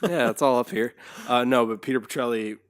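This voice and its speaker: A man co-hosting a podcast, relaxed and laid-back in casual chat, sometimes trailing off as he searches for names. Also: mid-range voice, a little fast, clean tone, dry recording, clean studio sound. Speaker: podcast co-host.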